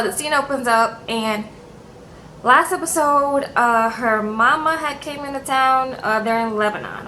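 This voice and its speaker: A woman's voice: fairly high pitch, pushed and bright, a little hiss or hum. A young woman chatting casually to her viewers as she recaps a TV episode, often checking in with "okay?". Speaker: TV show reviewer. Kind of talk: casual chat.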